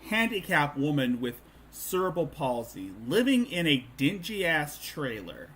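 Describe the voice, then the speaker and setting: Animated sarcastic male streamer. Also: fairly high pitch, a little slow. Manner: sarcastic, mocking, stumbling restarts. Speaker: streamer host. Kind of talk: ranting commentary stream.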